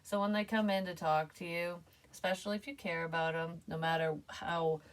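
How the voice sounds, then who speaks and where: A woman's voice: lowish voice, steady tone, moderate pace. A woman giving a casual tarot reading, chatty and emotional, swearing now and then. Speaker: psychic tarot reader.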